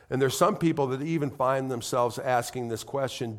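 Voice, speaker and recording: A man's voice: medium pitch, steady tone, a little fast, hardly any pauses. A middle-aged man preaching a sermon in church, conversational and heartfelt, building to emphatic, rising appeals. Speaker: pastor.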